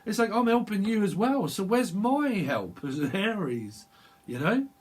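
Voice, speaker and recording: Husky, animated man reading tarot. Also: sits high, unhurried. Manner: rambling, jokey, acts out dialogue. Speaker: tarot reader. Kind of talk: casual chat, tarot reading.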